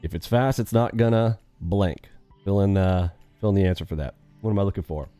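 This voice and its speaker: Mellow upbeat man streaming his trades. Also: deep voice, a little fast, smooth, soft background music. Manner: upbeat, quizzes chat, repeats catchphrases. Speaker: day trading live streamer. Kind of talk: live trading stream commentary.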